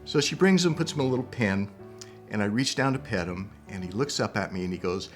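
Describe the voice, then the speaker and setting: A man telling a funny story about adopting a dog, animated and acting out the voices of the people he quotes. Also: mid-range voice, normal speed, soft background music. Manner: lively, acts out quoted voices.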